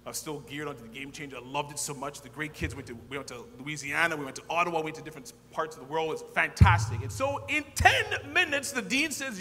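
A man, a minister, telling his personal testimony to a gathering, acting out the dialogue with lively energy. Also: fairly high pitch, brisk. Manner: animated storyteller who acts out dialogue. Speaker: ordained minister sharing testimony. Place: large hall at a church gathering. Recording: long hall reverb with faint hum.

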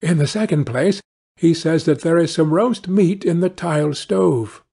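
A man's voice: on the high side, measured pace, vocal fry, dark tone, slightly rough, voice pushed up, full character voice. A man reading a storybook, voicing a cunning little male peasant in an eager, knowing tone. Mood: sly, eager.

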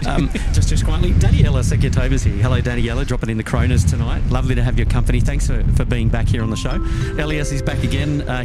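Australian man hosting, halting and cheery. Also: mid-range voice. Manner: hesitant, full of "uh" fillers, cheery thanks. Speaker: livestream host. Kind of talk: live-stream chat, reading viewer messages. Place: outdoors at an airport at night, windy. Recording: outdoor noise, wind and traffic.

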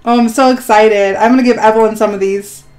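A woman's voice: on the high side, steady tone, a little fast, darkish tone, faint music behind. A middle-aged woman hosting a gaming vlog, narrating as she plays, often gasping and squealing with delight. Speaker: gaming channel host. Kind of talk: excited gameplay vlog narration.

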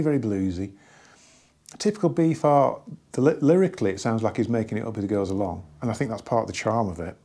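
Man, gravelly low voice, mellow tone, rambling casual record-collector vlog, lots of restarts. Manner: rambling and enthusiastic, many pauses and restarts. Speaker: record collector reviewing an album.

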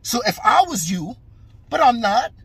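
A man in a heated, frustrated, profane rant about boxing, emphatic and forceful. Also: extremely high pitch, very animated, measured pace, husky, no room sound. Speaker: boxing commentator.

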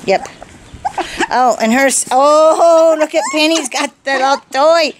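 A woman's voice: high-pitched, takes it slowly. A middle-aged woman breeding puppies, chatting casually on a home video and cooing in baby talk to the litter. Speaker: puppy breeder. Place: indoors inside a puppy exercise pen. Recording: loud background noise with barking dogs.

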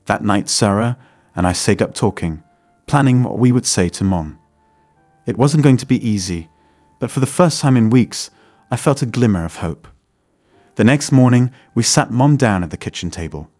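A man narrating a first-person story in a steady, scripted way. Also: mid-range voice, normal speed, no room sound, faint music behind.

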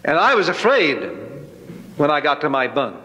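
A man's voice: on the high side, sing-song, normal speed, bright, forceful tone. Man telling a folksy testimony in a hall. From Northern California. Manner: folksy, dramatic storytelling. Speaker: testimony speaker. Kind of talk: spoken personal testimony. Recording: long hall reverb.

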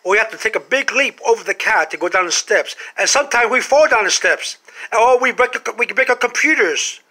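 A male vlogger with a high, bright voice speaks directly to the camera in a lively comedic monologue. He throws out rhetorical question after rhetorical question, pausing for effect.

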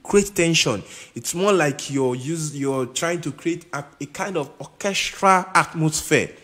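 A man teaching keyboard in a casual, halting way, often stopping to check that the listener understands. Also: on the high side, fairly bright tone. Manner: keeps checking in with "you understand?"; halting, with restarts and repeated words. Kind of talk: casual instructional talk. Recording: long reverb with keyboard music behind.

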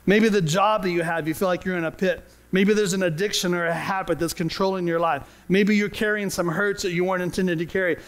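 A man's voice: sits high, low-quality recording. A male pastor preaching a sermon in a church, earnest and building to emphatic, raised-voice moments. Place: church sanctuary.

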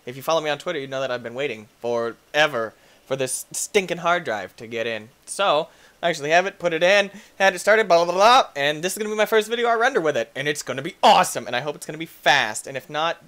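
Excitable, high-voiced gaming guy. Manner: excitable, goofy, quick to laugh and yell at the game. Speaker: gaming YouTuber. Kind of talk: let's play commentary.

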